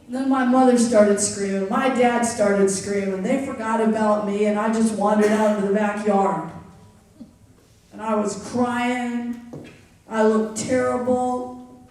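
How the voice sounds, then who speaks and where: A woman telling a story live on stage, deliberate and dryly wry, confiding in the audience. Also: a little high, steady tone, darkish tone. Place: theater stage. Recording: echoey theater from far off.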